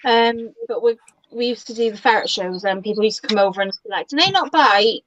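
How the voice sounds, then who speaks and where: A woman's voice: medium pitch, steady tone, fast, no echo. Chatty woman on a lo-fi call. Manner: chatty storyteller, fillers and restarts. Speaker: guest on a chat stream. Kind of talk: casual group chat. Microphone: video call. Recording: dull lo-fi video call audio.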